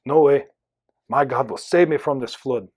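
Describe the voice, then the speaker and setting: A man's voice: medium pitch, moderate pace, darkish tone, lightly acted. A man doing a stubborn devout man in a shaky Irish accent. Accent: attempted Irish. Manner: pleading, insistent.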